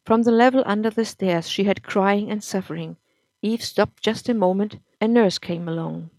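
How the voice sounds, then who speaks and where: A woman narrating a story in a measured, somber reading. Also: mid-range voice, darkish tone, dry recording. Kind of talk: audiobook-style story reading.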